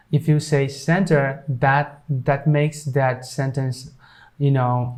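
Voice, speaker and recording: A man teaching English pronunciation, spelling out words letter by letter with many pauses and fillers. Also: mid-range voice, darkish tone. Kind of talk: slow explanatory lesson.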